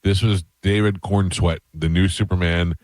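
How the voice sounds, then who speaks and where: Low-voiced radio host in his fifties. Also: steady tone, normal speed, darkish tone, dry recording. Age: 50s. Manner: rambling, self-deprecating storyteller. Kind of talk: morning radio banter and live ad read. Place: radio studio. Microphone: studio microphone.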